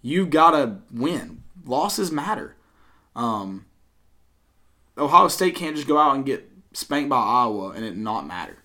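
A man's voice: mid-range voice, big pitch swings, unhurried. A young man from Tennessee co-hosting a casual sports podcast, rambling with many fillers. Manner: rambling, many fillers, mock-yells impressions. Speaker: podcast co-host.

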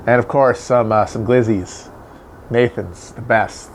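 A man's voice: mid-range voice, fairly even intonation, a little slow, noisy background. A man hosting a casual, rambling political commentary, sardonic and profane. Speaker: commentator host.

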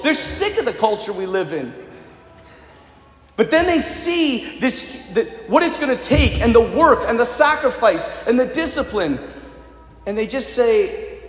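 A man preaching a sermon as a priest, energetic and impassioned, in a church. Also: high voice. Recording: echoey church hall reverb.

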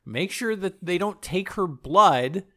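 A man's voice: sits high, lively intonation, takes it slowly, bright, forceful tone. A man casually recapping a movie with a co-host, crude and jokey, acting out the characters in silly voices.

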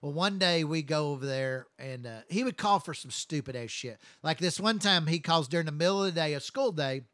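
Male storyteller, profane and rambling, slightly higher voice, bright tone. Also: expressive, a little fast, hardly any pauses, no room sound, clean studio sound. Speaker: first responder telling stories. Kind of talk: casual storytelling chat.

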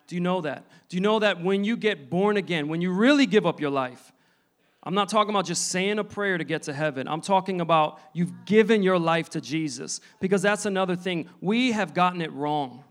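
A man in his thirties preaching a sermon, telling his testimony in an earnest, halting way with many restarts. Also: high-pitched, fairly bright tone.

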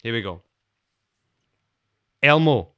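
A man's voice: mid-range voice, lively intonation, takes it slowly, a bit bright, no echo, highs cut off. A man hosting a podcast, bantering in a cheeky, teasing way. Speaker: podcast host. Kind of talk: playful casual chat.

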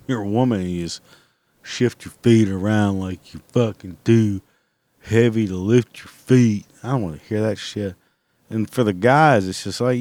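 A man delivering a comic rant, exasperated and swearing constantly, breaking into loud outbursts. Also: lowish voice, no echo. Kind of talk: profane comedic rant.

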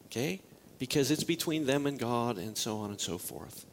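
A man's voice: medium pitch, normal speed, slight background noise. A male pastor preaching a sermon in a joking way, asking the congregation many questions. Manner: lively, joking, rhetorical questions.

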